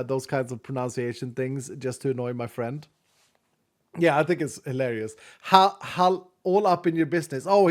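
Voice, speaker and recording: A man's voice: fairly high pitch, fairly bright tone. Chatty streamer man with an accent. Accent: non-native English. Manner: chatty, reads chat aloud, laughs often. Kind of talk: casual live-stream chat.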